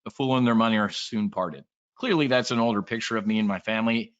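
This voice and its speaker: A man giving an energetic, joking trading presentation and addressing the room directly. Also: on the low side, fast talker. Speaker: trading educator. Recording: dull lo-fi sound.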